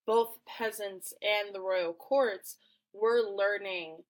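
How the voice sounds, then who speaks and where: A woman's voice: mid-range voice, steady tone, slow pace. A woman co-hosting a casual educational podcast, a former teacher who talks playfully with many fillers and frequent laughs. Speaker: podcast co-host.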